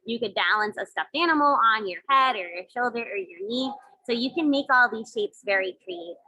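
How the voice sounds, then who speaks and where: A woman leading children through yoga poses and breathing games, giving gentle, encouraging instructions with playful sound effects. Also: on the high side, animated, a little fast, poor audio. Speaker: kids yoga teacher. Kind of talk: guided kids yoga and mindfulness.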